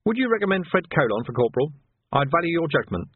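A man voicing a gruff, hard-bitten middle-aged watch sergeant who speaks curtly with dry sarcasm. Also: fairly high pitch, sing-song, quick pace, no room sound, voice pushed up. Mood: brisk. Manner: curt, commanding, dry sarcasm. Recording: tinny narrow audio, dry.

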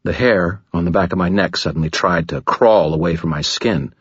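A man's voice: low voice, normal speed, slightly rough, no echo, muffled recording. A man narrating a first-person audiobook in a gritty, tense storytelling manner.

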